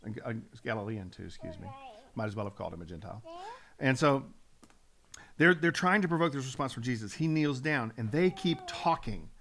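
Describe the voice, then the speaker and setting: A man's voice: medium pitch, animated, fairly quick, creaky, a bit bright. A man, a pastor, teaching from the Bible on a talk show, earnest and building up steam, often restarting his sentences.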